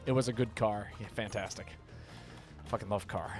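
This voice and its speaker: A man live-streaming a game, talking casually and playfully, often stumbling and repeating words when excited. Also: lowish voice, moderate pace, soft background music.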